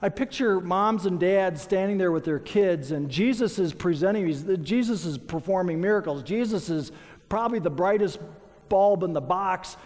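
A man's slightly mellow voice sits high as he preaches at a normal speed, storytelling and performing the voices of those he quotes in his sermon. The sound carries a long hall reverb.

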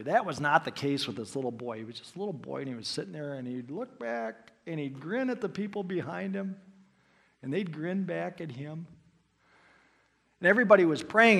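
A middle-aged man delivers a sermon in a somewhat husky voice pitched a little high. He tells stories from the pulpit, pushing some phrases out loudly and dropping others almost to a murmur. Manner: storytelling with sudden loud and hushed swings. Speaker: pastor.

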